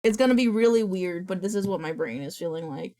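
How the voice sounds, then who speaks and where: A young woman streaming live, chatting casually, reading chat aloud and swearing a lot when excited. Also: fairly low pitch, quick pace.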